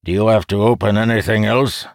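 A man's voice: fairly low pitch, steady tone, brisk, gravelly, no room sound, studio quality, pitched above the performer's own voice. A man voicing a curt, commanding old male soldier. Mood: gruff.

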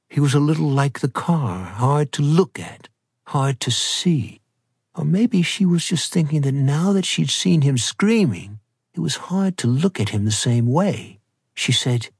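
A man reading a novel aloud as an audiobook narrator, measured and sometimes dropping to a near-whisper. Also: medium pitch, husky, no room sound, studio quality. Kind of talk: scripted narration.

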